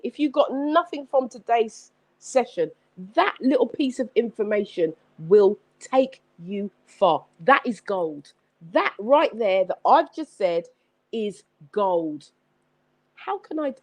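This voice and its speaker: Animated, preachy woman on a live stream. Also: a little high, measured pace. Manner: energetic, exclamatory, preachy, repeats phrases. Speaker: motivational speaker hosting a live stream. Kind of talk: live-streamed motivational talk. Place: home setup with several screens.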